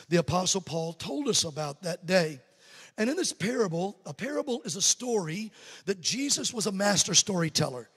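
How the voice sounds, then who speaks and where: Male evangelist, fervent pulpit delivery, calls on the congregation; high voice, long church reverb. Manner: fervent preaching, leads the congregation in responses. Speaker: evangelist preacher. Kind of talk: church sermon and prayer. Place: large church sanctuary.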